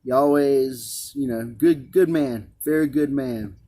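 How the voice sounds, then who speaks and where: A man's voice: mid-range voice, takes it slowly, mellow. A man earnestly recounting a personal religious experience, rambling and repeating himself as he talks. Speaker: vlogger. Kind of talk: emotional personal testimony.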